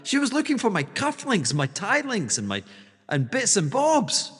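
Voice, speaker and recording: A man voicing an excitable male stockbroker who stammers and rambles breathlessly. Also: high voice, normal speed, slightly rough, in a large hall, pitched above the performer's own voice, full character voice. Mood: frantic.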